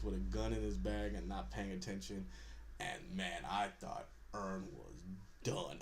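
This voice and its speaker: Man, podcast host, casual recap, laughs a lot, acts out quotes, mid pitch. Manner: animated, laughs often, acts out characters' lines.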